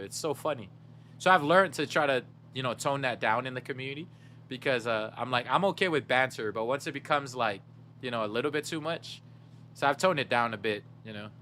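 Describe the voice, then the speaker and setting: A man's voice: medium pitch, bright, forceful tone, slight background noise. A young man streaming a game, chatting casually with his viewers in a laid-back, slangy way and laughing often.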